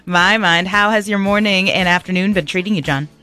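A woman hosting radio and making casual, animated on-air banter, chatty and full of fillers. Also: mid-range voice, brisk, soft background music. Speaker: radio host. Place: radio studio.

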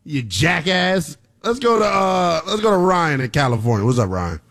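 Male radio host, high and expressive, excitable, fields callers. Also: moderate pace, creaky. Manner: animated, laughs loudly, shouts back at callers. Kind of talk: late-night sports talk radio.

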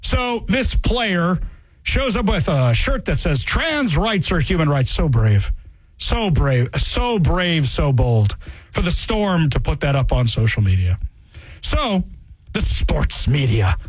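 A man's voice: high voice, breathy edge, no room sound. A man hosting a talk show, delivering a sarcastic, opinionated commentary monologue. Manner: sarcastic, mocking, animated.

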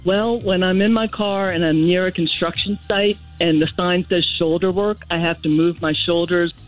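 A woman's voice: on the low side, fairly even intonation, normal speed, faint music behind. A woman calling in to a radio show, giggly and self-deprecating, heard over a phone line. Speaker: caller. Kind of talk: radio call-in chat.

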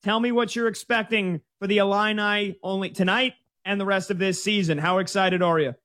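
Dude with a pretty high voice, sports show host rattling off stats and betting lines. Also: male voice, fairly even intonation, pushed and bright. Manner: brisk, stat-heavy rundown. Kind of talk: sports betting preview chat.

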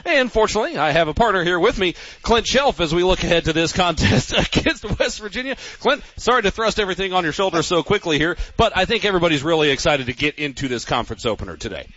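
A man hosting a radio football pregame show from a sports grill, with a brisk, upbeat announcer delivery. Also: high-pitched, animated, a bit bright. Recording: dull radio broadcast with faint noise.

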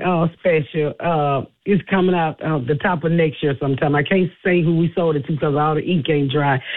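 A woman in her fifties, a comedian guest, telling stories with frequent laughs and stumbling repeats. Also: fairly low pitch. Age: 50s. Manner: laughs often, repeats words. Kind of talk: casual interview storytelling. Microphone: phone call. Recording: tinny phone line.

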